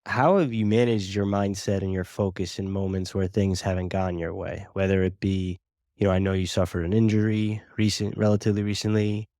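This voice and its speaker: A man hosting a podcast, asking measured, thoughtful interview questions. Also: deep voice, level tone, mellow, no echo, studio quality. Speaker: podcast host.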